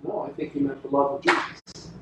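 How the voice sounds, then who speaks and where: A man preaching a sermon with emphatic, drawn-out phrases and dramatic pauses, acting out quoted lines. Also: mid-range voice, flat delivery. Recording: echoey room from a distance with faint noise.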